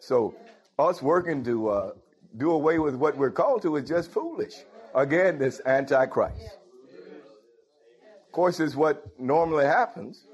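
A man's voice: fairly high pitch, dull audio. A man preaching a sermon in a conversational way, often putting questions to his congregation.

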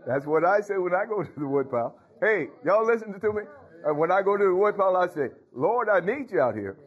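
A man's voice: high-pitched, fast talker, muffled recording. A man preaching a folksy sermon as pastor, talking straight to his congregation and dropping in hallelujahs. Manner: folksy, talks to congregation, frequent hallelujahs and laughs.

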